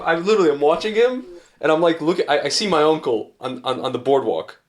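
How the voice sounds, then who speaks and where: A man co-hosting a podcast, agreeable and quick to jump in with stories in casual chat. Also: on the high side, lively intonation. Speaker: podcast co-host.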